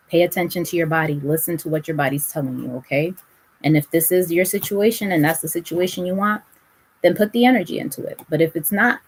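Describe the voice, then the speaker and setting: A woman's voice: on the low side, slightly rough. A woman giving a casual spiritual reading to her viewers, blunt and direct, swearing freely as she hands out advice. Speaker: tarot reader.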